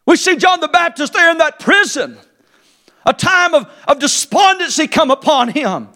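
High-voiced preacher, fervent. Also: male voice, expressive, moderate pace. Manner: impassioned, swinging between shouted emphasis and low quiet asides. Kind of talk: sermon. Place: church service before a congregation.

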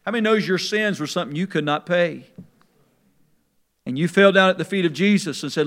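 Preacher guy, bright ringing voice, goes quiet then loud, drags words out slow. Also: high voice, lively intonation. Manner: swings from quiet musing to loud emphatic preaching. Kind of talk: sermon.

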